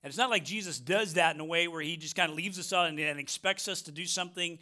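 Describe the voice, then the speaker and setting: A man's voice: on the high side, quick pace, pushed and bright. A middle-aged American man preaching a sermon, emphatic, repeating phrases and asking "right?" often. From United States. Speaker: pastor.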